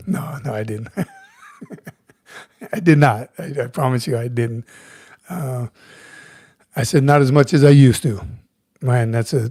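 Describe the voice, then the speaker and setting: Mellow-voiced middle-aged man chatting casually. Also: medium pitch, dry recording, studio quality. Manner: relaxed, chatty, chuckles often, greets viewers by name. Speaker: livestream host, retired Marine sergeant major. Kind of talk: casual livestream chat reading comments.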